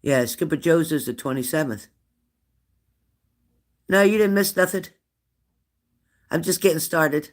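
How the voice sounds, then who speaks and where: A man's voice: fairly high pitch, lively intonation, a little slow, long pauses. Chatty man hosting a casual livestream. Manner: chatty, teasing, repeats questions to viewers. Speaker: livestream host. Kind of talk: casual livestream chat reading viewer comments.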